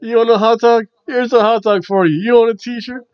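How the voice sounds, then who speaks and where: A man voicing a playful, showboating male wrestler who talks excitedly. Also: brisk, clear, resonant tone, no echo. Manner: excited, pitchy, offering. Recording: dull, dry lo-fi recording.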